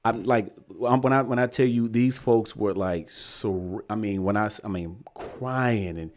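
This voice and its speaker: Unhurried and with few pauses, a young Virginian speaks in a fairly low voice while co-hosting a podcast. He's telling a story in casual chat, animatedly doing the voices of the people in it.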